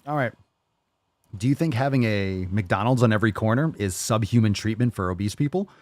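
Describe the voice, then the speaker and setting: A podcast host giving blunt, mocking reaction commentary, often profane. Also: male voice, lowish voice, a little fast, no room sound.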